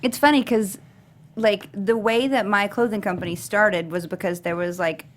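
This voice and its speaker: A woman's voice: medium pitch, fairly even intonation, moderate pace, a little hiss or hum. A woman co-hosting a casual movie news chat, chatty and full of "like". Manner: chatty, fills with "like" often. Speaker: co-host.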